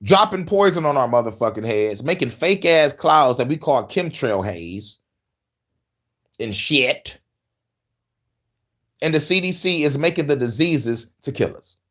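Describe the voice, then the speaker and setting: A middle-aged man hosting a casual rant podcast, profane and animated, laughing often and shouting at times. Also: medium pitch, measured pace, long pauses. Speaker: podcast host.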